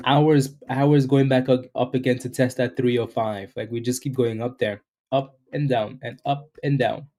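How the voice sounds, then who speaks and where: A man's voice: medium pitch, fairly even intonation, moderate pace, few pauses, dark tone. A man hosting a live day-trading stream, chatting loosely through market commentary, greeting viewers and ending lines with "right?". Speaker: day-trading livestream host.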